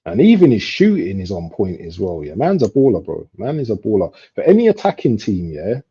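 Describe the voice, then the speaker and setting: Brief: young male streamer, low, mellow and husky, excitable about chances, lo-fi mic. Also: fairly quick. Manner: slangy, excitable outbursts at chances. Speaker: football watchalong streamer. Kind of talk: casual live commentary chat. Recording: dull lo-fi stream audio.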